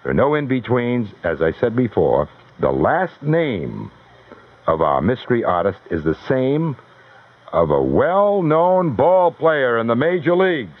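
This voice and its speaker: A man hosting a live radio call-in contest, brisk and wisecracking as he fields callers one after another. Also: mid-range voice, big pitch swings. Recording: tinny, narrowband old radio broadcast.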